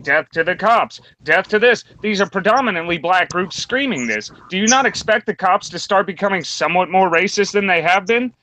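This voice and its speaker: A man's voice: sits high, sharp tone, low-quality recording. A man hosting a podcast round table, delivering a blunt, combative rant full of swearing. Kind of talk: profane opinion rant.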